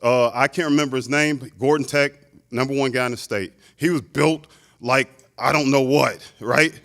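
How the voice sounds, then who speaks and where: A man in his fifties, a hall of fame inductee, telling a lively story in a speech, full of asides. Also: medium pitch, normal speed, gravelly. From Chicago, United States.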